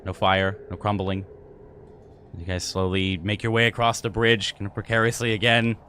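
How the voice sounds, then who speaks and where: A man narrating a tabletop game as game master in a relaxed way, with frequent fillers. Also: fairly low pitch, normal speed, a little hiss or hum.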